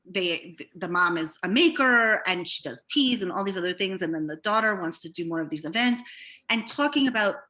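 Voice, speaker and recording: A woman business owner speaking as a guest in an interview, candid and reflective, often pausing with fillers. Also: fairly low pitch, lively intonation, bright, forceful tone. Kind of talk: conversational interview.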